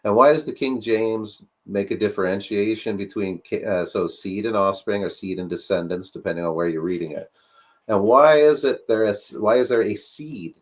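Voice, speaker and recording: A man's voice: fairly low pitch, normal speed. A man in casual discussion, talking animatedly with lots of fillers and rhetorical questions.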